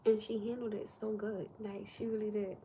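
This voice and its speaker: Chatty woman with a mellow voice. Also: mid-range voice, normal speed, a little hiss or hum. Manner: animated, drops to whispers for emphasis. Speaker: livestream host. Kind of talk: casual livestream chat.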